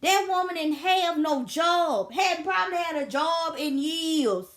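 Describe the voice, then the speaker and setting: A woman in her thirties talking to her viewers in a casual vlog, telling stories in an animated, emphatic way. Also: very high-pitched, a little slow. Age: 30s. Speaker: vlogger. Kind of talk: casual storytelling commentary.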